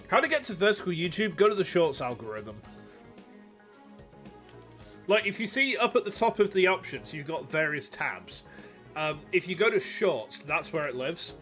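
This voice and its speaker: A man's voice: fairly high pitch, very animated, moderate pace, a bit bright, faint music behind. A man with a Yorkshire accent, chatting casually to viewers while playing a game, talking straight to them. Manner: chatty, talks directly to viewers. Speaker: streamer.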